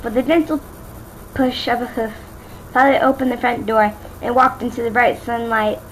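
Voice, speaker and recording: A young woman from Louisiana reads fan fiction aloud in a casual, unpolished way, her voice sitting a little high. She trips over words, repeats them until they come out right, and drops in offhand comments. A faint hiss runs underneath. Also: steady tone, moderate pace, low-quality recording. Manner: stumbling, rereading lines, chatty asides. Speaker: amateur reader.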